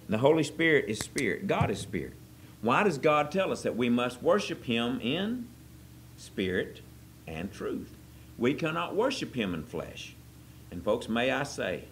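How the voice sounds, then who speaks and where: Folksy preacher man, soft to loud. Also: on the low side, slight background noise. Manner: folksy, joking, swings from soft to loud excited. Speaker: pastor. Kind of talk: sermon. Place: church service.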